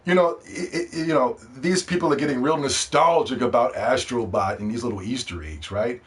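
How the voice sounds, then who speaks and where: A man's voice: mid-range voice, moderate pace, hardly any pauses. Profane, ranting male podcast host.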